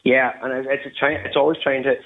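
A man's voice: medium pitch, level tone, quick pace. A man, a team manager giving a phone interview, rambling with many fillers. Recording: tinny phone line.

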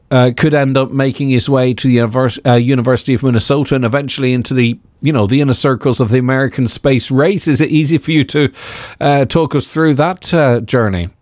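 A man's voice: medium pitch, darkish tone, dry recording, clean studio sound. A man hosting a podcast, reading a scripted introduction and then asking questions politely with frequent uhs. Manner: polite, halting with uh and um when asking. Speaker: podcast host.

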